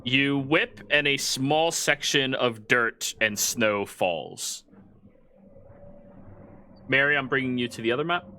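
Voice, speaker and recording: A man's voice: mid-range voice, slow pace, long pauses, sharp tone. A man narrating as game master in a casual tabletop game, with loose filler words.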